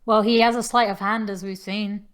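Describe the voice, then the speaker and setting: A woman's voice: mid-range voice, steady tone, moderate pace, a little hiss or hum. A woman making blunt, joking asides in a casual group movie commentary. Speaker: commentary co-host.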